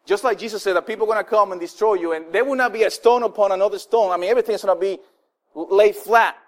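A male pastor with a high voice preaches a sermon in a loose, conversational way, with lots of fillers and restarts. He is animated and acts out the people he quotes. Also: fast.

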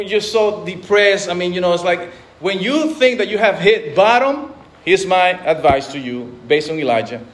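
Earnest male pastor, high voice, preaching with restarts and repeated words. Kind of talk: sermon.

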